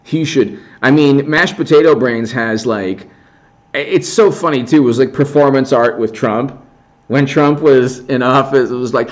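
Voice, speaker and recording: A man's voice: medium pitch, moderate pace. Rambling sarcastic male commentator. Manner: rambling, sarcastic, restarting often. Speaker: political commentator. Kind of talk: casual livestream commentary.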